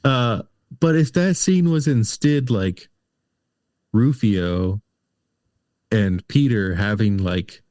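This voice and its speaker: A man's voice: lowish voice, slow pace, pauses often, dark tone, no room sound, clean studio sound. A man co-hosting a casual film review podcast, talking things through hesitantly with many fillers. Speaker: podcast co-host.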